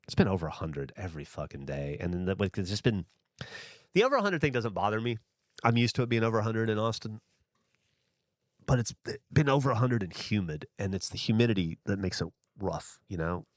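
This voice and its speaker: A man's voice: fairly low pitch, animated, fairly quick, no room sound, studio quality. A man from the American South with no regional accent left, hosting a livestream and chatting casually, rambling and swearing freely as he answers viewer comments. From Southern United States. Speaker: livestream host.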